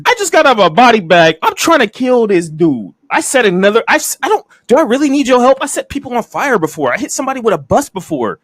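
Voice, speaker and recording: A man's voice: very high-pitched, animated, brisk, hardly any pauses, fairly bright tone, no echo, clean studio sound, pitched above the performer's own voice, heavily acted. A man doing an indignant, fed-up wrestler. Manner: indignant, incredulous. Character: exasperated male wrestler, fed up.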